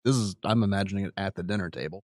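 A man's voice: low-pitched, rapid-fire, darkish tone, no echo, clean studio sound. A man playing a tabletop game, chatting casually and laughing often. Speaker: player.

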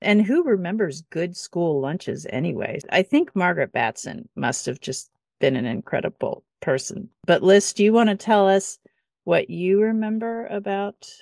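A woman's voice: lowish voice, normal speed, vocal fry, no echo, clean studio sound. A woman co-hosting a casual family podcast, enthusiastic and steering the conversation. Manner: lively, enthusiastic, guides the talk. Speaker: podcast co-host.

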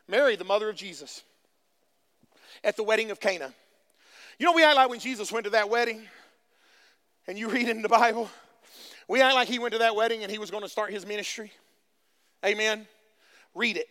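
High-voiced fervent male preacher. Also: a little fast, long pauses. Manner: fervent preaching with call-and-response; swings between hushed delivery and shouting. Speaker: pastor. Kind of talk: sermon.

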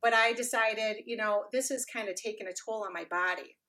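A middle-aged woman tells her story in a casual interview, with a bright voice. She talks in an animated way, slips into the voices of the people she quotes, and keeps dropping in fillers. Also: on the high side, brisk. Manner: animated, acts out quoted dialogue, frequent fillers. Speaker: podcast guest.

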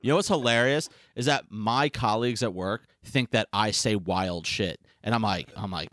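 A man's voice: lowish voice, normal speed, hardly any pauses, no room sound, studio quality. A man co-hosting a casual podcast, telling stories with a lot of swearing. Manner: swearing, animated storytelling. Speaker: podcast co-host.

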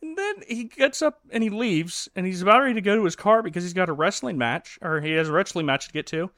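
Guy recapping a movie on a podcast, upbeat and laughing, bright voice, dry close sound. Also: high-pitched, fast, dry recording. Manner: animated, laughing retelling of scenes. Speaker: podcast co-host and minister. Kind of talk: casual movie review chat.

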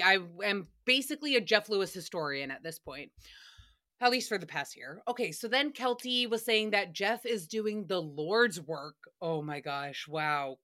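A woman hosting her own recap podcast in a loose, talky way. Her voice is bright and forward, and she swears freely and often laughs at her own jokes. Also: medium pitch. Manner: chatty and profane, laughs often. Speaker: podcast host. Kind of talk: casual solo recap podcast.

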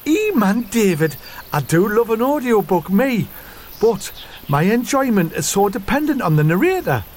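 A high, swooping Newcastle accent for a fussy farm wife who wrings every line for drama. The radio soap parody is theatrical and overdone, and the voice leaps up and down through each sentence. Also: male voice, big pitch swings, normal speed, a little mellow, a little hiss or hum. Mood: dramatic. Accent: Newcastle, put on. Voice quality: exaggerated, theatrical.

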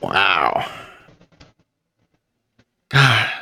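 A man's voice: deep voice, huge pitch swings, gravelly, sharp tone, no room sound. Laid-back slangy man in casual chat. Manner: laid-back, slangy, quick to laugh along. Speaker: podcast co-host.

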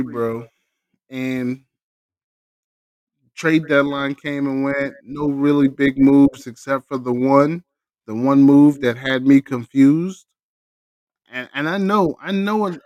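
A man co-hosting a casual sports podcast, animated and profane, teasing his co-host. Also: mid-range voice, measured pace, dry recording.

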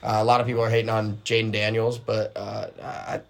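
A young man co-hosting a casual sports podcast, opinionated and animated as he tells a story. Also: lowish voice, fairly quick, gravelly. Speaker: podcast co-host.

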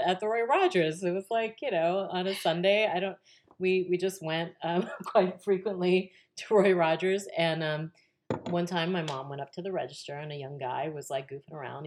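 A woman guest on a podcast, telling a story casually with lots of fillers, restarts and laughter. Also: fairly low pitch.

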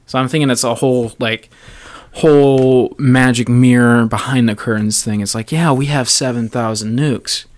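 A young man talking loosely on a podcast, rambling from one tangent to the next. His pitch sits in the ordinary middle range. He slips into quick comic voices to act out scenes. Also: steady tone. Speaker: podcast guest, comedian. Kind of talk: casual podcast chat.

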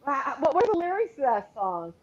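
Give me a woman with a slightly high voice, teasing her co-hosts in casual banter. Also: very animated, brisk, muffled recording, a loud crowd. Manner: teasing, sings snatches of songs.

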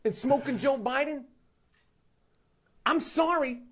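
High-voiced woman speaking slowly.

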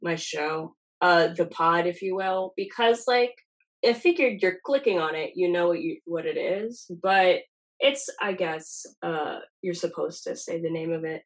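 A woman's voice: on the low side, unhurried, poor audio. A young woman with a nasal voice, hosting a podcast in rambling, self-deprecating casual chat. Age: young adult. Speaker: podcast host.

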